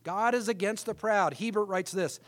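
Male pastor, middle-aged, sermon, high voice, emphatic, mimics other voices. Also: normal speed.

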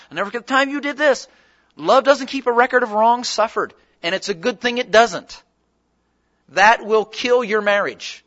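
Animated high-voiced male preacher. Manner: animated storytelling, acting out dialogue. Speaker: pastor. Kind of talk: sermon. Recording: dull lo-fi sermon recording.

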